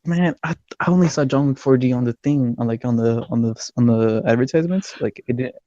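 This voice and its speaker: A young man, a podcast co-host, telling a story in casual chat, excitable and swearing a lot, laughing as he goes. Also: mid-range voice, a little fast, no room sound, highs cut off. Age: young adult.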